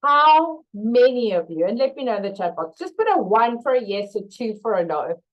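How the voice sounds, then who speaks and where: A woman's voice: fairly high pitch, normal speed, lo-fi sound. Woman leading a live leadership class. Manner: lively, acts out staff replies in role-play. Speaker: leadership trainer. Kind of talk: live online masterclass.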